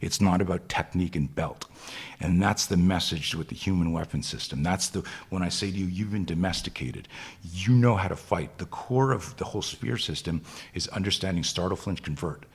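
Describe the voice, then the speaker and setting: A man with a very deep, husky voice tells a gripping story as a podcast guest. He talks with intensity and swears freely, slipping into the voices of the people in his tale. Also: normal speed. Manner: intense, profane, acts out quoted dialogue. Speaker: guest, self-defense instructor.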